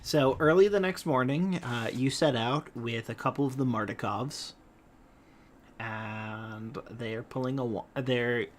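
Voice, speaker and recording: Slow-talking guy dm, kinda hesitant, lots of uhs. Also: mid-range voice. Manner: unhurried, hesitant narration with fillers. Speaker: game master. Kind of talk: narrating a tabletop game.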